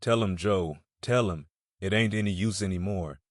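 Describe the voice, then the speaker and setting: A man's voice: low-pitched, normal speed, dry recording, studio quality, close to an everyday voice. A man voicing a frightened, broken village drifter accused of murder, pleading through sobs in rustic speech.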